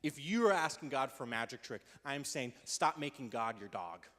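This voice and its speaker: Energetic young pastor man in a reverberant hall. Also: medium pitch, a little fast. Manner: energetic and conversational, acting out quotes in voices. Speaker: youth pastor. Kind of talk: casual youth sermon. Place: church hall. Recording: long reverb of a large hall.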